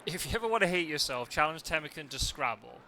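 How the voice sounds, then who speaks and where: A man's voice: on the high side, expressive, fast talker, vocal fry, sharp tone, a little hiss or hum. A man chatting casually while he streams a game live, telling rambling stories with frequent laughs and the odd swear word.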